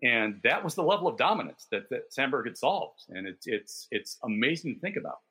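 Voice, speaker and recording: A man's voice: medium pitch, big pitch swings, brisk, bright, forceful tone, slightly rough. A man co-hosting a casual sports podcast, telling stories in detail and backing them with statistics. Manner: detailed, enthusiastic storytelling with stats. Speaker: podcast co-host.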